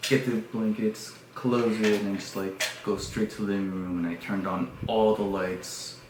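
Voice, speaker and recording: A man on his podcast, casually telling a story in an animated way, with lots of fillers and hushed passages. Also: fairly low pitch, moderate pace. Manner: animated retelling with many fillers, dropping to hushed tones. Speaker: podcast host. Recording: echoey room with faint background noise.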